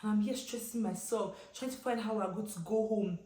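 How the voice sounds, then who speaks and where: A demanding young man snaps and scolds, as a Nigerian woman quotes him in her storytime. The voice keeps a middle pitch. A roomy echo hangs around every word. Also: fairly quick, dark tone, lightly acted. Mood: scolding. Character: angry young man snapping at his passenger. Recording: roomy echoey room.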